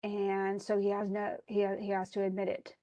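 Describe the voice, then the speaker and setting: A woman teaching literature, retelling a tragedy and reading its lines aloud, with lively storytelling and many restarts. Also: mid-range voice, normal speed, muffled recording. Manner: animated storytelling, reads quoted lines aloud, frequent restarts. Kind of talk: lecture retelling a play.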